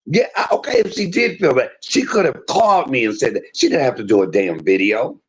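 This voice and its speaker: A man hosting a livestream, venting in an aggrieved rant that swings between loud outbursts and low muttering. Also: sing-song, brisk, slightly rough. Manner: swears freely, talks straight to viewers. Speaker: livestream host.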